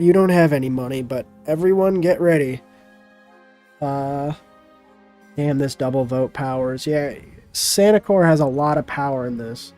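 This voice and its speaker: A man hosting a live stream, talking casually to his viewers and calling out bids in a quick auctioneer patter. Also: fairly high pitch, a little mellow. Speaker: streamer hosting a game with chat.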